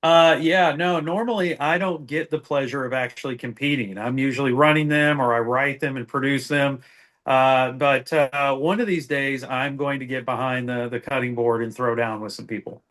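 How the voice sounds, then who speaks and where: A man's voice: medium pitch, steady tone, moderate pace, fairly bright tone. A man, a podcast guest, answering questions with good humor and little jokes. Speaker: guest, food challenge producer. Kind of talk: casual interview.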